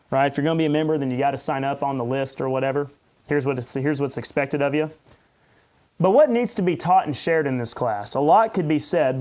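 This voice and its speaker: A man's voice: medium pitch, a little mellow. A man, a pastor hosting a podcast, rambling and ranting in unscripted commentary with sarcastic asides.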